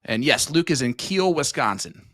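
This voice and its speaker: Friendly male darts commentator, bright tone. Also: on the high side, expressive, normal speed, dry recording, studio quality. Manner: friendly, reads out viewer shout-outs between play calls. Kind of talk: live sports commentary.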